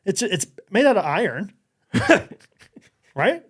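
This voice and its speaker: A man's voice: high voice, sing-song, slow, a bit bright, husky. A man co-hosting a podcast, running a casual quiz with lots of laughter and hesitant filler words. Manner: giggly, hesitant, lots of ums. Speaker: podcast co-host.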